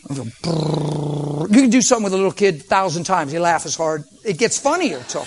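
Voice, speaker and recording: A man preaching, telling a story with vocal sound effects and sometimes dropping to a soft near-whisper. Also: sits high, very animated, racing, background noise. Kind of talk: storytelling sermon.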